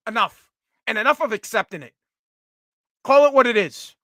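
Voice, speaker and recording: Brief: a blunt male pundit, forceful and bright, swearing freely. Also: very high-pitched, lively intonation, moderate pace, pauses often, no echo, studio quality. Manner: blunt, profane, heated. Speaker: commentator. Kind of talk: opinionated solo commentary.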